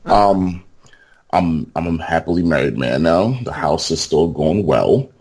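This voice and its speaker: A man's voice: sits low, unhurried, breathy edge. A man telling stories as a returning guest on a casual podcast, laughing often as he talks. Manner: animated storyteller, laughs often.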